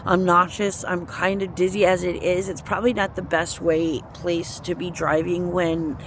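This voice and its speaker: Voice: medium pitch, level tone, moderate pace, noisy background. A speaker earnestly telling a personal faith story in a casual, rambling way, often quoting their own thoughts. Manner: earnest, rambling retelling with quoted inner speech. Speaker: storyteller sharing a faith testimony. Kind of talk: casual spoken testimony.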